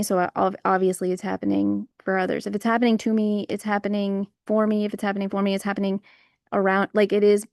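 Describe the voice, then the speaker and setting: A woman's voice: medium pitch, gravelly, a little mellow, no echo, clean studio sound. A woman hosting a casual livestream outdoors, rambling through spiritual musings with lots of fillers. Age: adult parent. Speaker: livestream host. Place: outdoors on a warm day.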